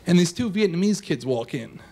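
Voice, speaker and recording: Man, high voice, young adult, live storytelling, casual and animated, stage mic. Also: a little fast. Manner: casual, animated, lots of "like" fillers. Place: stage before a live audience.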